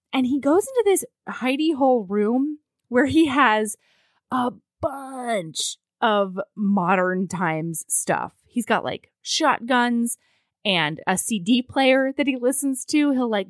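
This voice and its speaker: A woman co-hosting a podcast, recapping a novel in casual chat, animated and swearing freely. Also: on the high side, no room sound, clean studio sound.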